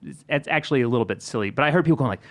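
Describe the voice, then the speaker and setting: A man hosting a casual panel chat, with a Southern US accent softened by years in Minnesota, rambling and self-deprecating with frequent restarts. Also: medium pitch, lively intonation, very fast. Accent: Southern US mixed with Minnesotan. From Texas, later Minnesota. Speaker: podcast host.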